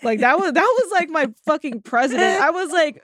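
This is a young woman from Los Angeles with a fairly high voice. She chats casually as a podcast guest and keeps dropping "like" and "dude". The sound is close and dry. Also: expressive, fairly quick, fairly bright tone, no echo. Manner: chatty, peppered with "like" and "dude". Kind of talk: casual chat.

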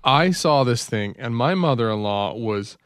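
A man co-hosting a radio show, joking around playfully and telling animated stories. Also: medium pitch, measured pace, clean tone, dry recording, clean studio sound. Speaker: radio co-host. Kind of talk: casual joking banter.

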